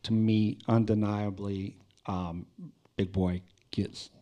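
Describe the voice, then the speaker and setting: A man's voice: on the low side, flat delivery, takes it slowly, warm tone. A man hosting a podcast, chatting casually and profanely about hip hop, with loose rambling restarts. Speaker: podcast host. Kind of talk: casual music chat.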